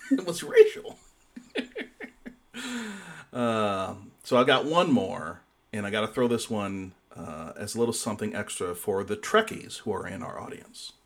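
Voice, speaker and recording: A man's voice: fairly low pitch, lively intonation, moderate pace, fairly bright tone. A man co-hosting a podcast, chatting casually in a playful, joking manner. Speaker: podcast co-host. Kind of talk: casual chat.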